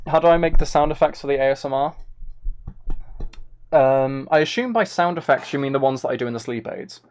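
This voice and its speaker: A man chatting casually on a live stream, answering chat in a playful, rambling, mock-dramatic way. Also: medium pitch.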